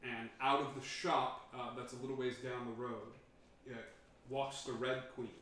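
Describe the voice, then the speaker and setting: A man's voice: medium pitch, little pitch movement, normal speed, a bit bright. A man running a tabletop game as game master, narrating with many fillers. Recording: echoey room from far off, faint noise.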